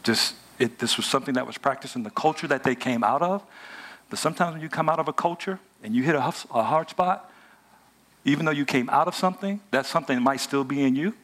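A man preaching a lively, joking sermon in casual everyday speech and talking back and forth with a live audience. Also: medium pitch, fast. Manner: animated, joking, colloquial, talks with the audience. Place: hotel event room before a live audience.

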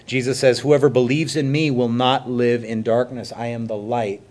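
A man preaching a sermon as pastor, emphatic and swelling loud then dropping soft, with conversational asides to the congregation. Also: medium pitch, flat delivery, moderate pace.

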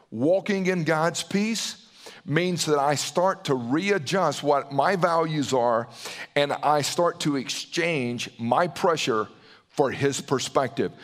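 A man with a Southern accent, preaching a sermon as a pastor, earnest and emphatic, often repeating words and restarting phrases. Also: on the high side.

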